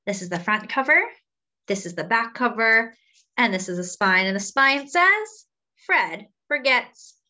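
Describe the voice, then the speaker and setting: A woman's voice: medium pitch, expressive, moderate pace, sharp tone. A woman reading a children's picture book aloud in a sing-song teacher's manner, addressing the listeners as friends. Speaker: children's story reader.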